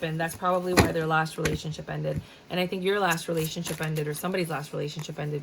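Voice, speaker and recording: A woman with a lower voice gives a casual tarot reading in a blunt, chatty way, swearing freely as she goes. A faint hiss of noise sits under the recording. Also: rough recording. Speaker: tarot reader.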